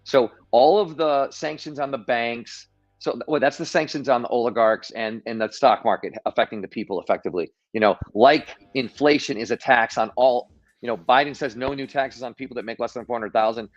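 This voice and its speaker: Animated man riffing on politics. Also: medium pitch, brisk, dull audio. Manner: animated storytelling, frequent restarts and repeats. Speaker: guest. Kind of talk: political commentary on a livestream. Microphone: video call.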